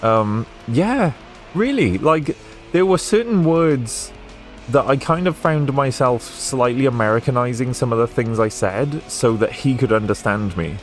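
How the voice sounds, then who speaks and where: A man with a softened Welsh accent, chatting casually and rambling while he streams a racing game. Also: medium pitch, expressive, measured pace, faint music behind. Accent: Welsh, Newport area, softened toward English. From Wales. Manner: rambling and chatty, with frequent fillers and restarts.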